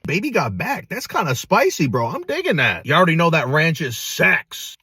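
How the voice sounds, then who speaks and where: A man's voice: on the high side, very animated, normal speed, sharp tone, slightly rough, no echo, studio quality. A man from New Jersey reviewing food in a casual vlog, hyped and slangy.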